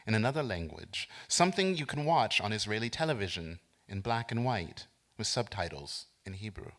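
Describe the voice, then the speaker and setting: A man performing a dramatic spoken narration with an expressive storytelling delivery. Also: lowish voice, normal speed.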